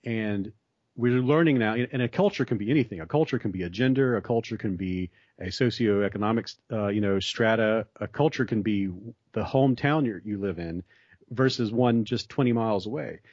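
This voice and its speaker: Low-voiced American man explaining. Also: moderate pace, a little mellow, no room sound. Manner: thoughtful, explanatory, builds points with examples. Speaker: guest explaining psychology. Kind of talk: conversational explanation. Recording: dull lo-fi, dry sound.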